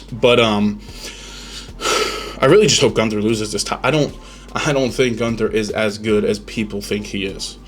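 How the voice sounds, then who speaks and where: A man's voice: fairly low pitch, lively intonation, a little slow, long pauses. A man hosting a podcast, giving rambling, opinionated reactions in casual chat, full of ums and restarts. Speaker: podcast host.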